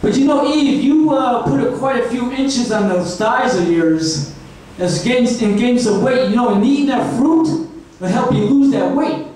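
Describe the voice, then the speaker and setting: A man's voice: very high voice, lively intonation, a little slow, a little mellow. A man voicing a scheming, lustful young man in a crude stand-up bit, sly and wheedling. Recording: echoey room from far off.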